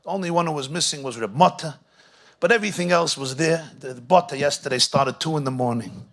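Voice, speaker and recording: A rabbi preaches in with a lilt, his voice gravelly and pitched a little high for a man. He tells his stories in a soft, close hush, then rises to loud, fervent peaks. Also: a little fast. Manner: storytelling, swings from hushed to impassioned. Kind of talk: sermon.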